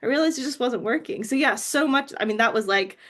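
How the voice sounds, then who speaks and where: A woman's voice: a little high, lively intonation, fast, a bit bright. A woman novelist on a panel discussion, chiming in with candid, chatty remarks. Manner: candid and chatty, jumping in eagerly.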